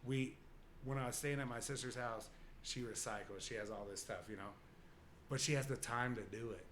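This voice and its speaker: A young man talks at a medium pitch in a loose podcast chat, stringing his thoughts together with constant "like" and "you know". His voice sits over a faint hiss of background noise. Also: a little fast, fairly bright tone. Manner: rambling, heavy use of "like". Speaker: podcast guest.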